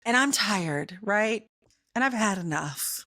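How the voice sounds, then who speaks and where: A woman podcaster spins a funny personal tale, leaning hard on emphasis and repeating her punchlines for effect. Her voice sits at an ordinary middle pitch for a woman. The sound is dry, with no room echo. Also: takes it slowly. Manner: animated, dramatic emphasis and repetition. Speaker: podcast host. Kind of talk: comedic personal storytelling.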